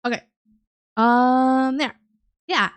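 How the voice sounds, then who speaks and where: A woman livestream host chatting casually from her home setup. Her voice sits a touch high, and she rambles through plenty of ums and giggles as she talks to her viewers. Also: steady tone, extremely slow, clear, resonant tone. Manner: rambling, lots of fillers, giggly. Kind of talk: casual chat.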